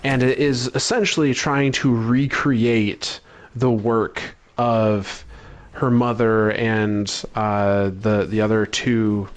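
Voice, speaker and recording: A man co-hosting a casual podcast, calmly summarizing game lore with frequent fillers. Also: lowish voice. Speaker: podcast co-host.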